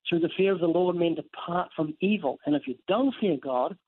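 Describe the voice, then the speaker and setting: A man speaks as a guest author, preaching with earnest conviction and painting vivid scenes. His voice sits a little high. It comes through a thin, tinny phone line. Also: a little fast. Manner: earnest, vivid storytelling with scripture quotes. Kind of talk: evangelistic preaching in an interview.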